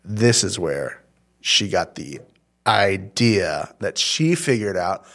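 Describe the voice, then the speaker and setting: A man's voice: sits low, lively intonation, slow, creaky, fairly bright tone. A man co-hosting a casual podcast, talking animatedly and acting out quotes in put-on voices. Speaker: podcast co-host. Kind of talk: casual chat.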